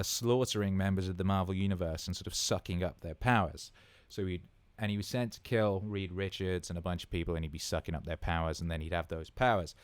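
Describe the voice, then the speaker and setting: A low, clear, resonant voice belongs to a man in his thirties hosting a laid-back livestream Q&A, recorded dry. He rambles with gusto, swears freely, and doubles up words for emphasis.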